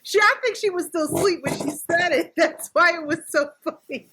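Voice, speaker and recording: A woman's voice: extremely high pitch, normal speed, noisy background. A woman co-hosting a casual podcast, telling a story with lots of laughter and acted-out quotes. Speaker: podcast co-host.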